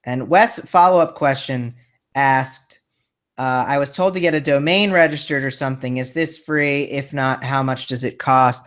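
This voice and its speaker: A man's voice: medium pitch, normal speed, fairly bright tone. A man hosting a live show in casual chat, reading out viewer questions in a friendly, hesitant way. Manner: friendly, hesitant, lots of fillers.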